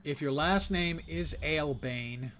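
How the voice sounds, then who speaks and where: A man's voice: fairly high pitch, measured pace, a bit bright, a little hiss or hum. An older man casually commenting on his gameplay while streaming, chatty and wry, with muttered asides to chat. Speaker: game streamer.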